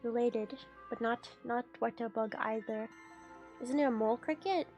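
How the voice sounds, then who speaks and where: Excitable high-voiced woman streamer. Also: normal speed, dull audio, faint music behind. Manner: excitable and playful, swears casually; rambling with sudden jumps in pitch and loudness. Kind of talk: casual livestream chat.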